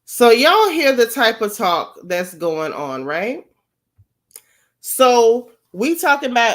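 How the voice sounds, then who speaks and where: A woman's voice: fairly high pitch, big pitch swings, slow, fairly bright tone. A woman from Florida hosting a casual gossip vlog, chatty and mocking as she comments on clips.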